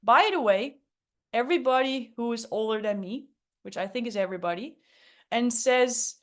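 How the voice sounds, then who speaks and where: Casting: upbeat, emphatic woman hosting a workshop, mid-high voice. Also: moderate pace. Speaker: workshop host. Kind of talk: online workshop teaching.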